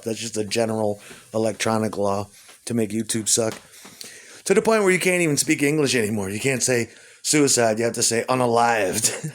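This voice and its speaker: A man ranting in a rambling, profane monologue, swearing heavily and chuckling between complaints. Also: medium pitch. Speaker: vlogger.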